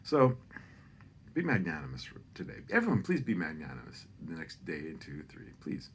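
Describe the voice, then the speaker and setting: A man's voice: rumbling low, huge pitch swings, moderate pace, slight background noise. A middle-aged man telling a holiday story in a rambling, profane, self-deprecating way, often drifting off on tangents.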